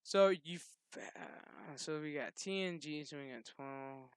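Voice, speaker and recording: A man hosting his own channel, ranting casually and profanely in a rambling, animated way. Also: fairly high pitch, a little slow, smooth, dry recording, clean studio sound. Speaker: gaming channel host. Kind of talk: casual rant.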